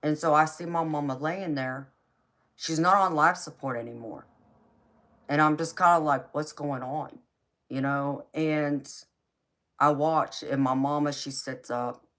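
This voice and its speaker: A woman's voice: rumbling low, a bit bright. A woman hosting a tarot livestream, telling a personal story in an earnest, emotional way, often stumbling over repeated starts. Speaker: tarot reader hosting a live stream.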